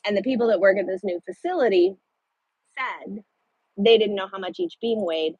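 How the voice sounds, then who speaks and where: A woman truck driver chatting casually with her livestream viewers, blunt and quick to swear. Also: mid-range voice, darkish tone, husky, no echo, muffled recording.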